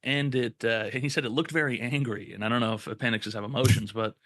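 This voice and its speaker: A man's voice: medium pitch, fast talker, no echo. A young man casually telling a long story on a podcast, swearing often and acting out the people in it. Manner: profane, animated retelling with quoted voices. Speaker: podcast co-host.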